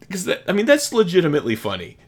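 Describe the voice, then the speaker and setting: A man co-hosting a laid-back film podcast. His pitch moves a lot as he talks, with plenty of easy agreement and wry asides. The delivery is unhurried and chatty. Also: huge pitch swings. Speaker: podcast co-host. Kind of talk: casual movie discussion.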